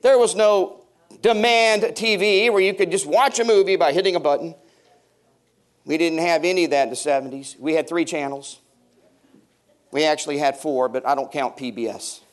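Speaking at normal speed in a voice on the high side, a man in his fifties preaches a sermon before his church congregation. His style is humorous storytelling, full of funny anecdotes and banter with those in the pews.

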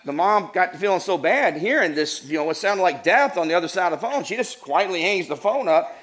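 Middle-aged male preacher, lively storyteller, slightly high voice, numbered teaching points. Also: a little fast. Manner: animated, acts out voices, laughs while telling stories. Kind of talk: sermon with humorous storytelling.

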